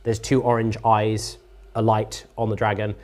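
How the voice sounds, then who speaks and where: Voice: mid-range voice, completely flat delivery, moderate pace. A game master narrating a tabletop game in an explanatory way, with frequent fillers.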